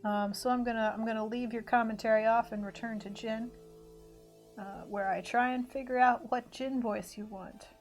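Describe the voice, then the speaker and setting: A woman's voice: a little high, fairly even intonation, moderate pace. Woman streamer rambling over faint music. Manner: rambling, self-correcting, mock sports commentary. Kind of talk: casual livestream chat while drawing.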